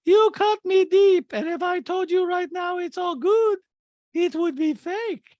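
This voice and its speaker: A man doing a shrill, haughty grown woman. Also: a little mellow, dry recording, highs cut off. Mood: disgusted. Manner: shrill, drawn-out and theatrical.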